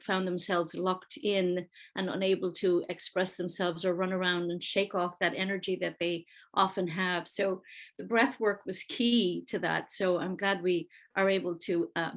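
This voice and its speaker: A woman, an early-years school leader, giving an earnest, conversational presentation with slides over a video call, with fillers and restarts. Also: lowish voice. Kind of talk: online panel presentation with slides.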